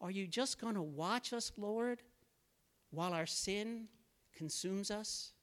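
A man's voice: sits high, takes it slowly, fairly bright tone. A man preaching a sermon, earnest and pleading as he reads scripture aloud.

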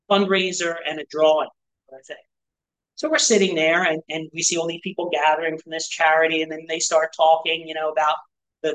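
A slightly high, fairly bright male voice delivers a chatty sermon to a small church group, poorly recorded. The pastor leans on rhetorical questions and asides, repeatedly tossing in "right?" and "you know."

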